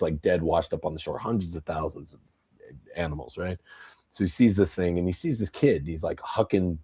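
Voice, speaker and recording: Low, dark-voiced man ranting bluntly. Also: breathy edge. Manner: blunt, profane, rambling political rant; tells stories with acted quotes. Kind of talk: casual podcast talk.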